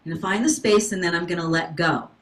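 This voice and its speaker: A woman's voice: on the low side, fast. Woman teaching singing on a video call. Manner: encouraging, asks the class to wave and respond. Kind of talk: online singing workshop.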